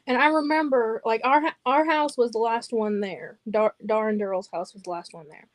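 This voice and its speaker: A young woman from rural Arkansas with a light Southern country accent, chatting lively as a guest. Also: fairly high pitch, normal speed, dry recording. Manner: lively, laughing storyteller. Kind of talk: casual chat.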